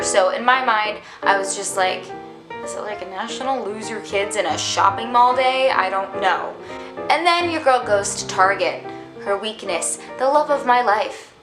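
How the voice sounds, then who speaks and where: A young adult woman telling a casual storytime vlog in a dramatic, chatty way, full of "like". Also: medium pitch. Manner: dramatic, chatty, heavy use of "like". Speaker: vlogger. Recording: echoey room with background music.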